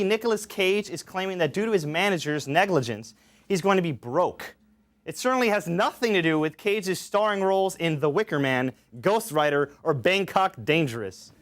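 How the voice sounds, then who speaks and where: High-voiced young man hosting a comedy show. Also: expressive, normal speed, a bit bright, slight background noise. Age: young adult. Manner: joking, reads gag texts with fillers. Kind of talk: stand-up style show hosting. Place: college studio with audience.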